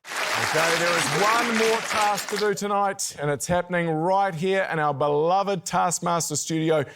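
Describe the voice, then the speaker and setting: A middle-aged man with a New Zealand accent delivers dry, mock-grand scripted links as a TV game show host. His voice sits fairly high. A loud live audience and heavy room noise fill the recording. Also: unhurried, over a noisy crowd. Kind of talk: scripted comic links to the break.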